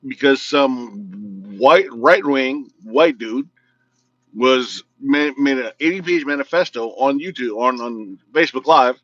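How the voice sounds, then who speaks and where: A man's voice: medium pitch, a bit bright, no echo. A man hosting his own casual video talk show, his speech slightly slurred and mumbling at times. He rants bluntly and jokes as he goes. The recording is dry, with a dull, lo-fi sound. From United States, Illinois. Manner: blunt, joking, ranting. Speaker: vlog host. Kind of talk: casual political rant to camera.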